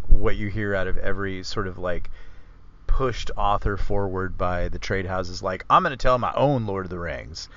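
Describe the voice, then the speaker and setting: A man's voice: fairly low pitch, fairly bright tone, highs cut off. A man hosting a casual book discussion podcast, rambling and correcting himself as he explains with enthusiasm. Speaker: author and podcast host.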